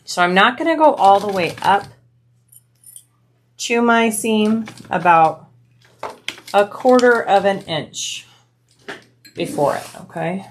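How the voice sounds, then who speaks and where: A woman's voice: medium pitch, expressive, slow, pauses often, a little hiss or hum. A woman hosting a bag-making tutorial, chatting casually as she explains each step while she works.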